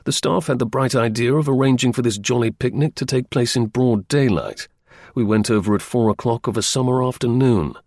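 A man reading a first-person story aloud as an audiobook narrator, in a measured, wry storytelling manner. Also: medium pitch, a little mellow, no echo, clean studio sound.

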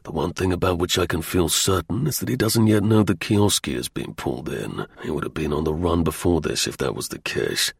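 A man voicing a grim secret agent who speaks low, curt and steady, with a husky voice. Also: a little fast, few pauses, no echo, clean studio sound, exaggerated voice. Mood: thoughtful.

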